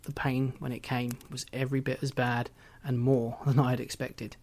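A man's voice: medium pitch, little pitch movement, moderate pace, darkish tone. A man reading a first-person story aloud in a reflective way. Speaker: narrator. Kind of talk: audiobook reading.

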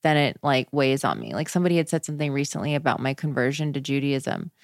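A young woman with a low, smooth voice chats easily as a podcast guest. She tells stories in a loose, animated way, full of filler words. The sound is close and dry. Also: fast talker, dry recording. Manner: chatty, frequent "like" fillers, animated storytelling. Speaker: podcast guest, wellness practitioner. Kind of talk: casual conversational interview.

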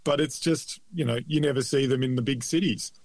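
A man's voice: mid-range voice, fairly quick, no room sound. Dry, self-deprecating man. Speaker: podcast co-host. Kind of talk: casual chat.

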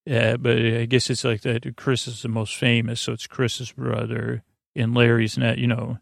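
A man hosting a sleep podcast, giving a meandering, low-key, halting recap of a TV episode. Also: completely flat delivery, creaky, no echo, studio quality. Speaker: podcast host. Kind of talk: rambling bedtime episode recap.

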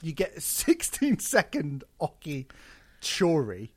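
A man's voice: on the high side, wildly swooping pitch, slow. A man co-hosting a podcast, swearing freely and mocking singers in casual banter. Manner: sweary, mocking, laughs a lot, mimics singers. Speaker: podcast co-host. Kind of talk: casual banter reviewing an album.

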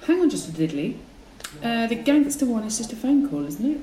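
A woman's voice: fairly high pitch, sing-song, fairly quick, mellow, echoey room, poor audio. An actress playing a scatterbrained, blunt female talent agent in a radio comedy. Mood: breezy.

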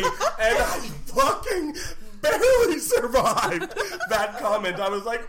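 A man co-hosting a podcast, telling a long story in casual chat, animated and swearing freely with lots of "like.". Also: sits high, moderate pace, hardly any pauses. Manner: animated, swears a lot, heavy use of "like". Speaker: podcast co-host. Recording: noisy background hiss.

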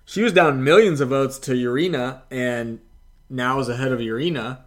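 A man's voice: medium pitch, normal speed. A man co-hosting a casual chat, talking in an exasperated, rambling way with lots of filler words.

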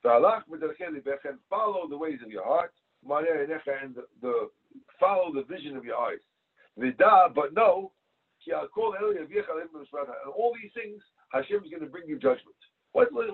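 Man, Talmud teacher, reads then translates line by line, husky, slightly high voice, tinny phone-like sound. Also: expressive, fairly quick. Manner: reads each text phrase then translates, tells stories. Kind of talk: Talmud class, reading and translating.

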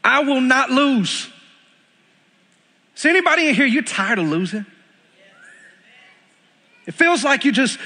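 A young Texan man preaches from a church stage, his voice pitched high and bright. He drives points home by repeating them. His words ring out in a large hall's long reverb. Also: breathy edge. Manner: emphatic, repeating lines for stress. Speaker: pastor. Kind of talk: sermon. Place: church sanctuary.

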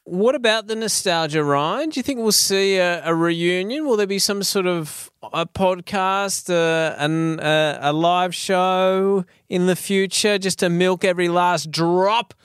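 A male interviewer with a somewhat high, smooth and resonant voice. He muses thoughtfully before putting questions to his guest. The sound is dry and close. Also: a little slow, few pauses, a bit bright, dry recording. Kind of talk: casual interview chat.

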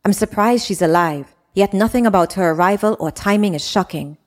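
A woman voicing a calm man of authority who asks measured, pointed questions in an audiobook. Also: mid-range voice, long reverb tail, lightly acted. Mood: probing.

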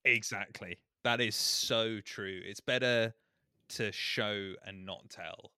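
A man on a podcast, chatting in an animated, mock-outraged way and acting out lines he quotes. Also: on the low side, slow pace, clean tone, no room sound, studio quality. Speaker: podcast co-host. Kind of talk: casual chat.

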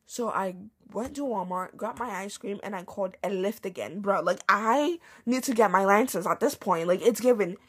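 A woman's voice: medium pitch, moderate pace, hardly any pauses, husky. A young woman hosting a podcast, telling a casual storytime rant with slang and swearing. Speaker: podcast host.

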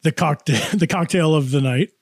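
A man's voice: on the high side, normal speed, husky, no echo, studio quality. A man co-hosting a podcast in playful casual chat. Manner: playful, chatty. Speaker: podcast co-host.

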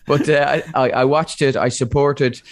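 A middle-aged Irish comedian talks in a rambling, jokey way, often breaking into laughter. His voice sits at an ordinary pitch and sounds close and dry. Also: fairly even intonation, normal speed, no echo. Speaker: comedian guest. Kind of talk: casual chat.

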